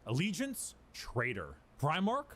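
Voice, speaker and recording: A man's voice: a little high, huge pitch swings, measured pace, a bit bright, a little hiss or hum. A man narrating a scripted comedic lore video with a playful, sardonic delivery.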